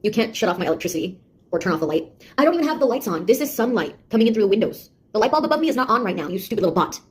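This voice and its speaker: A woman's voice: medium pitch, big pitch swings, rapid-fire, husky. An actress playing a sarcastic young woman, a beta tester who mocks and scolds a nosy AI in a one-sided audio drama. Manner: mocking, taunting, exasperated.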